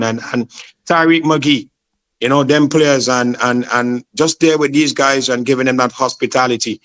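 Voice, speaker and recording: A man's voice: medium pitch, steady tone, normal speed, fairly bright tone. A man from Saint Vincent, talking passionately as an interview guest and repeating "man" and "bro". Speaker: football promoter, guest. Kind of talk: casual interview chat.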